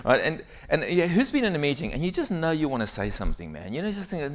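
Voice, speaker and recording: Speaking a little fast in a slightly high voice, a middle-aged man gives a conference keynote as an executive coach. He tells stories with energy and keeps tossing "right?" to the audience to check in with them.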